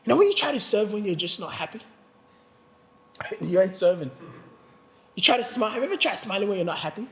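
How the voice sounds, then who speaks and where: A man's voice: sits high, fast talker, pauses often, in a large hall. A man preaching a sermon, telling a personal story with humor and acting out the voices of others. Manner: animated, acts out quoted voices, laughs often. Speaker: pastor. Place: church hall.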